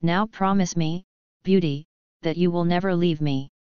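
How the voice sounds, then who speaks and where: A gruff, gentle beast in a storybook, sorrowful and awkwardly polite, as a woman reader puts him on. The voice sits low and clear against a dull, lo-fi recording. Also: steady tone, normal speed, no echo, close to an everyday voice.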